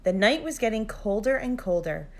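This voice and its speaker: A woman reading a children's picture book aloud in steady, plain narration. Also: fairly high pitch, normal speed. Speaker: guest story reader.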